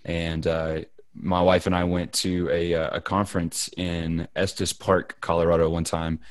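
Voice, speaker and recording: Man, podcast co-host, deep voice, excitable, rambling, lots of fillers, dry close recording. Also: a little slow, no room sound. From United States. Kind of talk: casual podcast chat.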